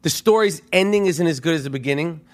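A middle-aged man hosting a podcast, telling a story in a profane, animated monologue that swings between loud outbursts and hushed asides. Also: on the high side, fast. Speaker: podcast host.

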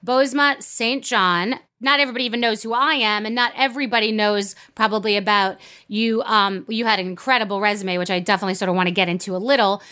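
A woman's voice: medium pitch, steady tone, fast talker, hardly any pauses, sharp tone. A woman hosting a podcast, telling a brash, profane story before she interviews a guest. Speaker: podcast host.

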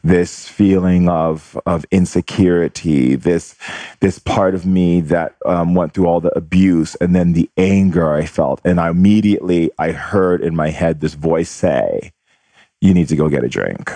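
A man's voice: low-pitched, fairly even intonation, a little slow, warm tone, no echo. A man telling a personal story in conversation, earnest and re-enacting what was said. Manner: earnest, re-enacts voices in quotes. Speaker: guest.

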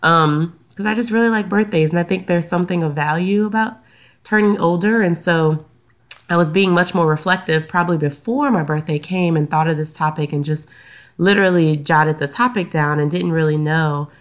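Southern lady hosting a podcast, kinda low voice, bit stuffy nose, lots of ums. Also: moderate pace. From Louisiana, US. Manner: chatty, many "um" fillers. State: slightly stuffy from a sinus infection. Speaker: podcast host and counselor. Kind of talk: casual solo podcast talk.

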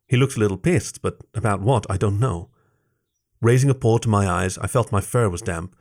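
A man narrating a first-person story aloud in a measured, soft-spoken reading. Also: fairly low pitch. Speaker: story reader.

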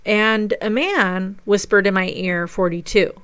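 A woman's voice: medium pitch, animated, a little slow, bright, forceful tone, clean tone, dry recording. A woman, a paranormal investigator, enthusiastically narrating a recap of a ghost investigation. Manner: enthusiastic storytelling.

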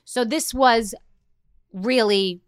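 This middle-aged podcast host has a slightly high, clean-toned voice and speaks slowly, wandering through a story in casual conversation while acting out the lines people said. The recording is clean studio sound with no room noise.

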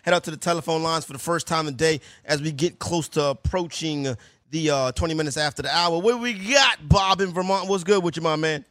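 A man's voice: on the high side, brisk, a bit bright, no echo, clean studio sound. A man hosting a sports radio show, chatting casually in a loose, slangy way.

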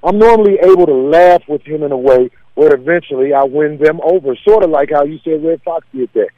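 A man's voice: on the high side, brisk, dry recording, lo-fi sound. A man, a comedian, talking casually in an interview, confident and laid-back as he tells stories. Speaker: comedian guest.

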